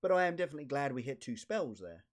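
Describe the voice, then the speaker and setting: A man streaming a card game, muttering commentary to himself with sudden excited outbursts. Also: medium pitch, fast talker. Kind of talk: casual gameplay commentary.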